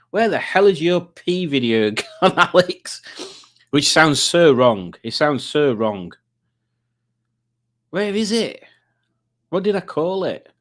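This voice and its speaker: A man hosting a live stream quiz night, chatting casually and rambling while he looks for clips. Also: medium pitch. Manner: chatty, rambling, self-mocking.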